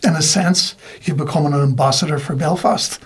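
A man's voice: on the high side, normal speed, breathy edge. A man hosting a casual interview, building his points thoughtfully. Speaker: podcast host.

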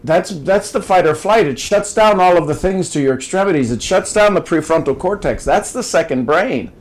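A man's voice: high-pitched, animated, normal speed, rough recording. An older man from Ohio, a podcast guest talking in a folksy, coaching way, often restarting and repeating words. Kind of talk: casual advice-giving conversation.

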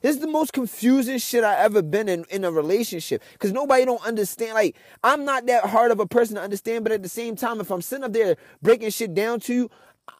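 A man's voice: high voice, dry recording, studio quality. A young man, ranting with frustration and heavy cursing in a casual monologue as a podcast host.

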